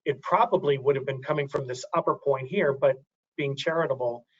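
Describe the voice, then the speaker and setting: A man's voice: mid-range voice, fairly quick, breathy edge, muffled recording. A man giving a webinar presentation, talking through graphs, thinking aloud with many restarts and fillers.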